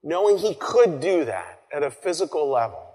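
A man's voice: fairly high pitch, sing-song. Earnest male preacher in a reverberant church. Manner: earnest, pauses and repeats phrases, drops to soft near-whispers. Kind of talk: sermon. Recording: long reverb.

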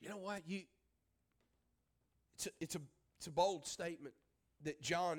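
A man's voice: high voice, moderate pace, pauses often. A man preaching a sermon as pastor. He speaks emphatically, repeats his phrases and asks the congregation questions.

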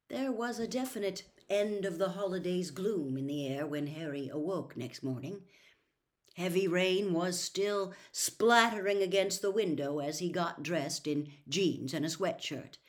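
A woman reading a novel aloud as a storyteller in an expressive, lively way. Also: fairly low pitch. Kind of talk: audiobook reading.

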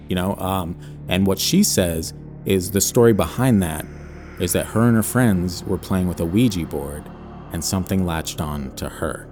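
Man, podcast co-host, very low pitch, casual rambling storytelling, soft music underneath. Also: normal speed. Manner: rambling, hedging with many fillers.

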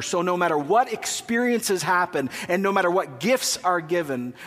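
A man in his thirties, a pastor, delivers a sermon in a church sanctuary, opening with a funny story and asides before getting to scripture. His voice is high and the sound is that of a big room.

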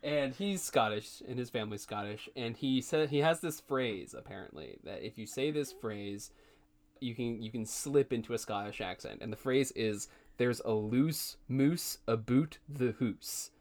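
A woman's voice: very deep voice, expressive, normal speed, a little mellow. A woman co-hosting a podcast, chatting casually and telling anecdotes with enthusiasm. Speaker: podcast co-host. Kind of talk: casual chat.

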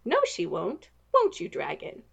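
A woman's voice: on the low side, huge pitch swings, a little slow, vocal fry, fairly bright tone, breathy edge, full character voice. A woman voicing a bold, unbothered young princess who talks casually and breezily. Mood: breezy.

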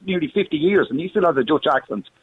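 A man's voice: fairly high pitch, lively intonation, fast, husky, dry recording. A man calling in to a radio show, blunt and crude in his complaints. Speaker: caller. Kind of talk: casual radio call-in chat. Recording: noisy, muffled phone line.

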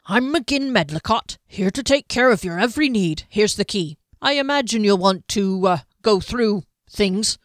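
A woman narrator voicing a fussy male innkeeper who speaks in an obsequious, eager-to-serve manner with hesitant pauses. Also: medium pitch, animated, dry recording, clean studio sound, lightly acted. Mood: ingratiating.

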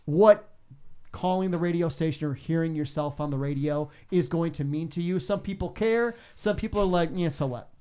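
Animated radio DJ man, fairly high. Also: moderate pace, smooth. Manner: animated, acts out callers with big pitch jumps. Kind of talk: casual interview, storytelling.

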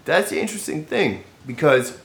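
A man hosting a podcast in a playful, animated, profane casual chat. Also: fairly high pitch, normal speed, gravelly, reverberant, noisy background. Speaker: podcast host.

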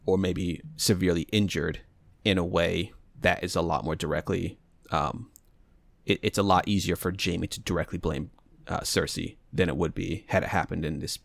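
This low-pitched, creaky-voiced man chats casually about a TV show's plot as a podcast co-host, restarting and rambling while he thinks through theories out loud. The recording has no echo.

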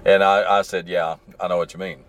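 Low-voiced man with a mild Southern accent. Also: level tone, brisk, fairly bright tone. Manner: rambling, easygoing, digressive. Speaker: podcast host. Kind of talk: casual solo storytelling while driving. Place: in his truck stuck in traffic.

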